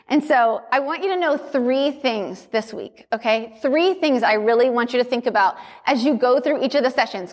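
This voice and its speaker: A woman hosting a business summit as a coach, giving a chatty, energetic talk and acting out quoted dialogue. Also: on the high side. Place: large conference room. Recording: long hall reverb.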